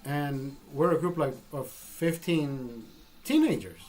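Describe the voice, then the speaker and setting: A man's voice: a little high, takes it slowly, soft background music. A man from Honduras with a Honduran accent, telling a story casually and profanely, acting out what people said. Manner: profane, animated storytelling with acted-out quotes. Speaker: podcast host.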